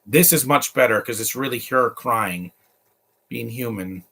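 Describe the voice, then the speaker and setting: A man's voice: mid-range voice, unhurried, vocal fry, pushed and bright, husky. A man giving casual, opinionated commentary while watching a movie, with chatty offhand asides. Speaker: movie reactor.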